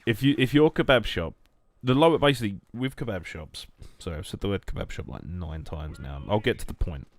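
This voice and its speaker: A young man with a deep, low voice chats idly over his gameplay. He rambles, cracks jokes and answers his viewers in an easygoing monotone. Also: brisk, few pauses. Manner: rambling, jokey, reacting to chat. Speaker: streamer. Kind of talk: casual gameplay stream chat.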